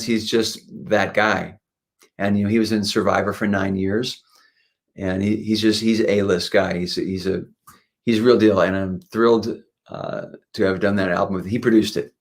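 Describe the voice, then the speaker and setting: A man, a guest musician, telling stories in a casual interview, rambling with frequent restarts and fillers. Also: on the low side. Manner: lively when retelling anecdotes. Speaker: guest musician, singer and guitarist.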